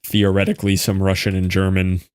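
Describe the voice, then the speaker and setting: A man's voice: deep voice, completely flat delivery, fairly quick, smooth, no echo. A man streaming a block-building game, chatting casually and joking back at the videos he plays. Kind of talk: casual gameplay commentary.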